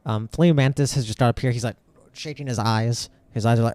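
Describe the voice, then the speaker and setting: A man's voice: medium pitch, fairly quick, darkish tone, no room sound. Rambling male game master, dry sound. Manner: rambling, lots of fillers and restarts. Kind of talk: narrating a tabletop game.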